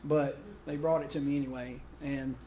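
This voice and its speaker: A man preaching a sermon in an animated, conversational way, often restarting phrases and calling out to his congregation. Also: medium pitch, normal speed. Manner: calls out to the congregation. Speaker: pastor. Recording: echoey room with faint background noise.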